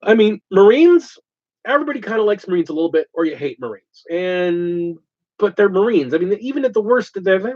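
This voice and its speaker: A man hosting a casual hobby chat show, talking in an animated, ranting way. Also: sits high, fairly quick. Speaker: host. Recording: dull lo-fi sound.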